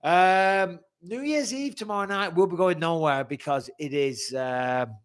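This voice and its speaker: Here a high-pitched, unhurried voice, clear and resonant, belongs to a man in his forties hosting a live fan chat. He reads fan questions out and answers bluntly and chattily, swearing freely, and seems to be getting over a cold.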